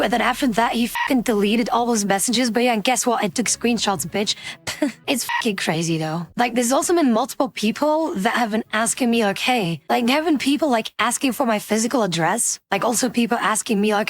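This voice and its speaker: A woman's voice: on the high side, brisk. A young woman streamer chatting casually and telling stories about strange messages she gets, swearing freely and laughing often. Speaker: VTuber streamer. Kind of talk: casual stream chat, storytelling.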